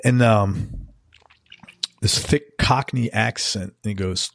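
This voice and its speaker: A man's voice: lowish voice, takes it slowly, creaky, no room sound, studio quality. A man hosting an interview, telling a chatty anecdote and laughing easily. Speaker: interview host. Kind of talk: casual interview chat.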